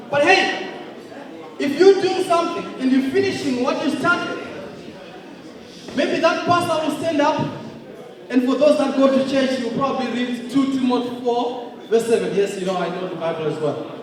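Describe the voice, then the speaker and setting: A man giving a motivational speech at an awards event, emphatic and often shouting. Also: very high-pitched, normal speed. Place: large indoor hall. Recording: echoey hall from far off.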